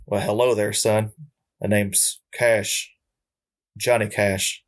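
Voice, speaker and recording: A man doing a comic impression of a gruff ghostly old country singer with an exaggerated Southern drawl. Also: mid-range voice, moderate pace, close to an everyday voice. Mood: folksy. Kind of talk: comic impression within a story.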